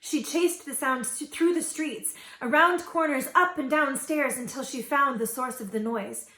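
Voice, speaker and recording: A woman reading an original fairy tale aloud to children, with gentle, expressive storytelling. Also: high-pitched, unhurried. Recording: echoey room.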